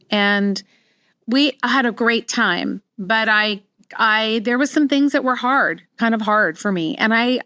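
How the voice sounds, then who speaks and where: A middle-aged woman hosting a casual solo podcast about her practice, telling personal stories candidly and growing animated as she quotes herself. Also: mid-range voice, clear, resonant tone, no room sound, clean studio sound. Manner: candid, animated when quoting herself, frequent restarts. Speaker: podcast host, wellness practitioner.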